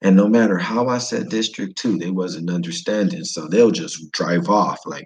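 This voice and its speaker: A man's voice: low-pitched, moderate pace, darkish tone, low-quality recording. A man from the United States casually telling a travel story, slangy, profane and rambling.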